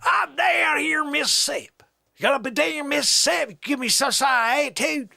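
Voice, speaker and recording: A man voicing a rowdy southern man with a pitchfork, hollering in a put-on American Southern accent. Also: brisk, vocal fry, bright, forceful tone, no room sound, studio quality, heavily acted.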